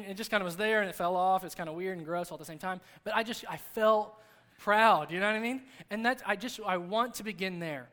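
A male pastor in his thirties with a notably high voice, delivering a sermon at church. His preaching is conversational yet earnest, and he leans on repetition to drive points home. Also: a bit bright. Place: church service.

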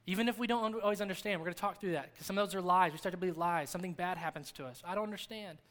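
A man's voice: high-pitched, racing, a bit bright. A man in his thirties preaching a sermon at a church service, talking conversationally and earnestly, repeating key phrases for emphasis. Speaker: pastor.

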